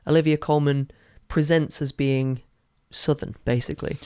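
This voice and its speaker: Smooth-voiced northern English man, curious. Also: a little high, steady tone, moderate pace, darkish tone, no room sound, clean studio sound. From northern England. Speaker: podcast co-host. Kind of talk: casual chat.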